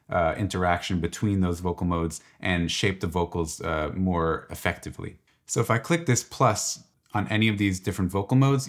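A man presenting a software tutorial, explaining each step in a relaxed, exploratory way as he clicks through. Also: deep voice. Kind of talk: software walkthrough.

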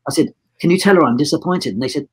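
A man's voice: fairly high pitch, very fast, husky, poor audio. A man in his sixties, a photographer being interviewed, telling a long story in a rambling way, acting out the dialogue and restarting his sentences. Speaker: photographer guest. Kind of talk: casual anecdote in a podcast interview.

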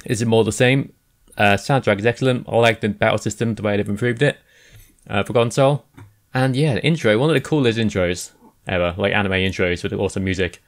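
A man's voice: lowish voice, fairly even intonation, a little fast. A man with an English accent co-hosting a podcast in casual chat, joking, laughing often and repeating himself. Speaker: podcast co-host.

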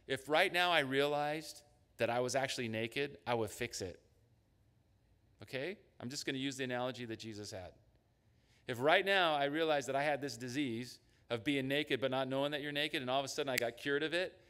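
A man preaching a sermon as a pastor. He talks in an animated way and acts out the voices of God and his listeners. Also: medium pitch, brisk, clear, resonant tone, long reverb tail. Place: church sanctuary.

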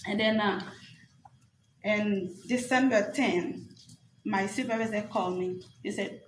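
A woman pastor giving an animated spoken testimony at a graduation service, acting out the dialogue as she tells it. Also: mid-range voice, measured pace, long pauses, reverberant, slight background noise, rough recording.

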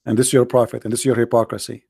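A man's voice: medium pitch, flat delivery, very fast, gravelly, darkish tone, breathy edge, no echo, clean studio sound. An English speaker who hosts a debate show and argues combatively and sarcastically in broken English, restarting his phrases often. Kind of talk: heated religious debate.

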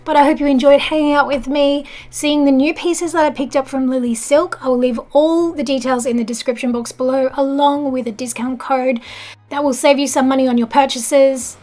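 This young Australian woman, a home and lifestyle vlogger, has a high voice with a steady tone and speaks a little fast. In her Australian accent she gives an eager, chatty closet tour, leaning heavily on "like" and "um".

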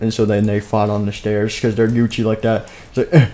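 A man's voice: fairly low pitch, level tone, brisk, background noise. A man live-streaming, narrating an improvised game story in a rambling, goofy way with spoken sound effects.

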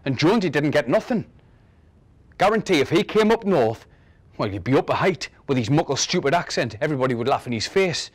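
A man's voice: on the high side, lively intonation, brisk. A man reading a story, voicing a cheeky, defiant teenage schoolboy with a broad Northumbrian accent. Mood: cocky. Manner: blunt, cocky, dialect-heavy. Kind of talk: dramatic reading of a short story.

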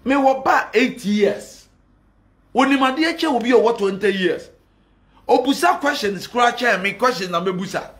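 Ghanaian male pastor, high voice, fiery and defiant, echoey room. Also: expressive, normal speed, a bit bright. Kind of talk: heated address to critics.

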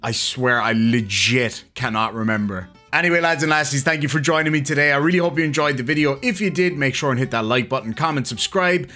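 A man's voice: mid-range voice, a little fast, hardly any pauses, bright, forceful tone, soft background music. A man hosting a reaction video, giving sarcastic, mocking comedic commentary.

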